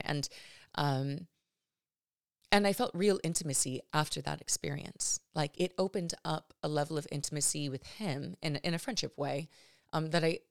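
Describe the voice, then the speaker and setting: A woman with a low, slightly gravelly voice talks through a personal story as a podcast host. She rambles candidly, correcting herself and filling pauses as she goes. The sound is dry and close. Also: no room sound. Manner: rambling and candid, many fillers and self-corrections.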